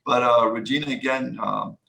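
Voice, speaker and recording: A man's voice: medium pitch, fairly even intonation, normal speed, creaky, bright, forceful tone. A man coach hosting an online meetup, rambling and hesitant with many ums, on a video call. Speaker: agile coach and meetup host. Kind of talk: casual group chat.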